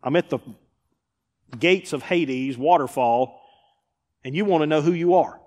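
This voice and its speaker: A man's voice: fairly high pitch, a little slow, a little mellow. A male pastor preaching a sermon, driving points home with emphatic repetition. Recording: hall with long reverb.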